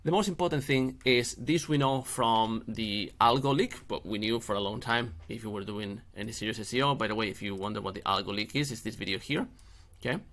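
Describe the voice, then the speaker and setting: A man's voice: fairly low pitch, a little fast, a bit bright. A middle-aged man hosting a screen-share tutorial, chatty and jokey with playful asides. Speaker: SEO channel host.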